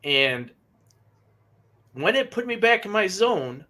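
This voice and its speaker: Bright-voiced man telling a story. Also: high voice, sing-song. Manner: emotional, halting, repeats words. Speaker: podcast co-host. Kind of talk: casual storytelling.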